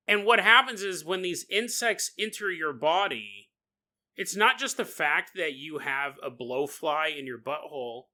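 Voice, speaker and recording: A man hosting a comedic podcast, telling folklore with jokes, frequent laughter and quick silly voices. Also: high-pitched, bright, forceful tone. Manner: jokey, laughs often, slips into quick silly character voices. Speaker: podcast host. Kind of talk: comedic paranormal storytelling.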